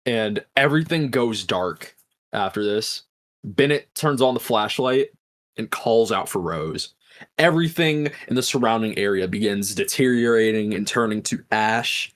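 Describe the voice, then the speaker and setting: A man's voice: on the low side, animated, a little slow, a bit bright. A man hosting a podcast, recapping a film in a casual, swearing storytelling style. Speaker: podcast host.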